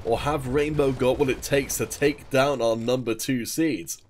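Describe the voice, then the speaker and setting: A man's voice: medium pitch, steady tone, a little slow, darkish tone, a little hiss or hum. Male esports caster, chatty and casual, jokes between plays, mid-range voice. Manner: chatty, jokey, talks while eating. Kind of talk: solo esports play-by-play commentary.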